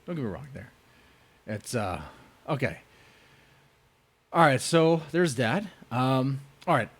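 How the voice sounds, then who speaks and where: A man's voice: mid-range voice, lively intonation, takes it slowly. Laughing, stammering male podcast host. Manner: laughs often, stammers and repeats words. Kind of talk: casual comedic chat.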